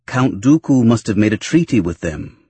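A man voicing a polite, measured male chancellor in his own husky voice. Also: fairly low pitch, sing-song, dark tone, no echo.

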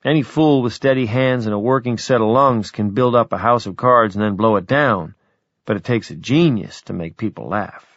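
A man's voice: fairly low pitch, moderate pace, no room sound. A man voicing a blunt, worldly middle-aged man with a wry, brooding way of talking. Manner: brooding, wry, then excited. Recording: dull, dry audiobook recording.

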